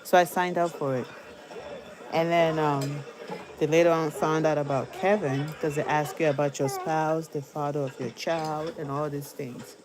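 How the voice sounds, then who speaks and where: A woman's voice: low voice, fairly even intonation, normal speed, a crowd in the background, low-quality recording. A woman vlogger telling a personal story in a candid, chatty way, laughing between lines.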